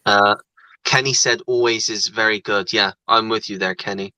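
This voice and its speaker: A man co-hosting a livestream, telling stories in an animated way and reading out viewer comments in casual chat. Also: lowish voice, normal speed, no echo, low-quality recording. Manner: animated storytelling with laughs. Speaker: livestream co-host.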